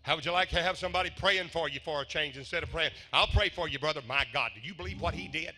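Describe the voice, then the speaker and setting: Fiery revival preacher, a man with a bright, forceful voice. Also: fairly high pitch, fast. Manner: fiery, swings from hushed to shouting. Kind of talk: revival sermon.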